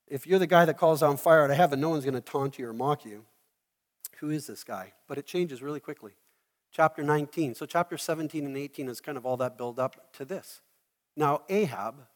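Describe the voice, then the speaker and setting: A man preaching a sermon as a pastor, telling the story in an animated way and acting out the scenes. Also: on the high side, in a large hall. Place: church hall.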